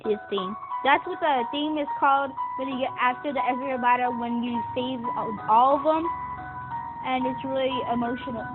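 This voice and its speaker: A woman vlogger chatting casually and excitedly about a video game, rambling with restarts. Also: high voice, moderate pace. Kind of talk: casual gaming chat. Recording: tinny phone-like audio with loud game music.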